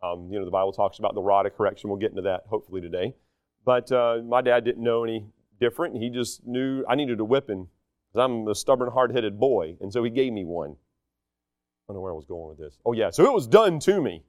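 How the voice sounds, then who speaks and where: A man preaching a sermon, telling stories in an animated, self-deprecating way. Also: lowish voice, quick pace, no room sound, clean studio sound.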